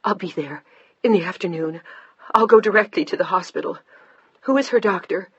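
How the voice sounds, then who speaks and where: A narrator voicing a frantic mother calling overseas, urgent and pleading, shouting into a bad phone line. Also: mid-range voice, a little fast, slightly rough, dry recording.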